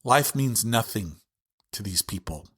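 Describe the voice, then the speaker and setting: A man's voice: lowish voice, animated, unhurried, a bit bright, slightly rough. A male podcast host giving an impassioned, profane political rant with heavy emphasis.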